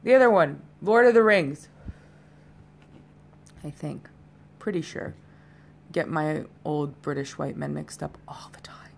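Low-voiced woman, rambling solo podcaster. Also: lively intonation, measured pace, gravelly, pauses often, darkish tone, a little hiss or hum. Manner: rambling, chatty, talks straight to listeners. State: a little tipsy. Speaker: podcast host. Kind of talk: casual solo podcast chat.

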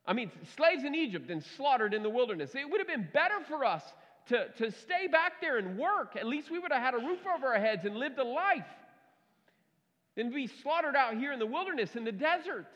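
A man's voice: very high-pitched, very animated, brisk, fairly bright tone, pitched above the performer's own voice, exaggerated voice. A man voicing a panicked, grumbling crowd of freed slaves who complain in a whiny way, heard in a reverberant hall on a dull recording.

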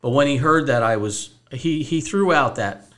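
A man's voice: medium pitch, normal speed, a bit bright. A man hosting a podcast as a financial advisor, telling a story casually and acting out both sides of a phone call.

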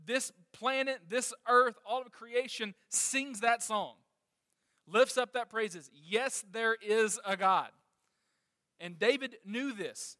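A man's voice: very high-pitched, takes it slowly, bright, forceful tone, no room sound, studio quality, in a large hall. A man preaching a sermon with passion, reading scripture and putting questions to the congregation. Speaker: pastor.

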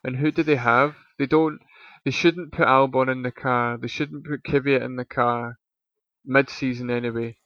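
A man's voice: medium pitch, fairly even intonation, moderate pace, no echo, dull audio. Dry-humored man on a podcast. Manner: dry, teasing, talks through race analysis. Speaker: podcast co-host. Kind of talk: casual chat.

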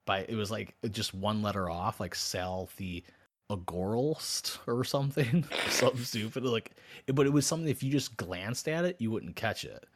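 Profane, animated man telling a story. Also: lowish voice, moderate pace. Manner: animated, profane, acts out both sides of chats. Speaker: podcast co-host. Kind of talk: casual storytelling chat.

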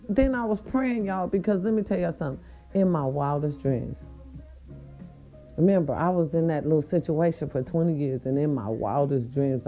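Animated woman telling a story, dull lo-fi sound. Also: deep voice. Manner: animated, profane, talks to viewers directly. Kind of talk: casual storytelling to viewers.

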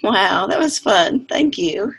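Woman host, unhurried, husky voice, video call. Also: medium pitch, animated, a bit bright. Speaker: host of an online open mic. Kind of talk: casual hosting.

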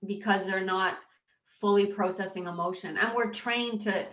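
A woman's voice: mid-range voice, steady tone, fairly bright tone. Emotional woman guest in a roomy room. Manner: halting, tearful, many restarts. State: choked up with emotion. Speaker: interview guest. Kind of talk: emotional personal interview.

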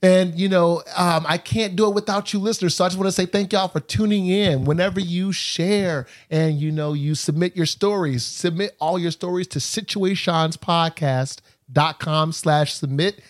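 A man hosting a podcast, talking in a relaxed, casual way with lots of fillers and easy laughs. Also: sits high, normal speed, few pauses. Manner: laid-back, filler-heavy, laughs easily. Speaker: podcast host.

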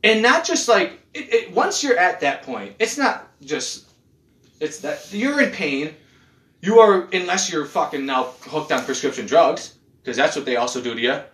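Lively, swearing man in an echoey room. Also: fairly high pitch, moderate pace. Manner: animated, swearing, restarts a lot. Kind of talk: casual chat.

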